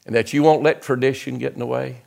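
A middle-aged man preaching an impassioned sermon in a church, swinging between loud shouts and quiet, close asides. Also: mid-range voice, steady tone, fast talker, gravelly. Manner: preaching with rising shouts and sudden drops to quiet. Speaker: guest preacher. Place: church sanctuary.

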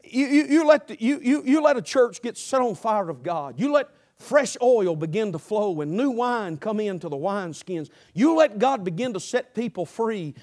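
A man's voice: high voice, animated, moderate pace, hardly any pauses, a little mellow. A man preaching a sermon as pastor, emphatic, repetitive and humorous.

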